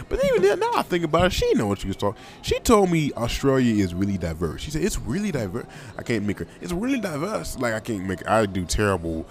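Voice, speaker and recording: Rambling young man, low-pitched, slangy. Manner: rambling, loose, slangy, often laughs and repeats himself. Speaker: podcast host. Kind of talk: casual solo podcast monologue.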